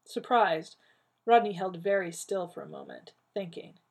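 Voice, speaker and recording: A woman narrating a work of fiction at a steady, even pace in a husky, gravelly voice. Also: fairly low pitch, a little slow. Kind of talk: audiobook reading of fiction.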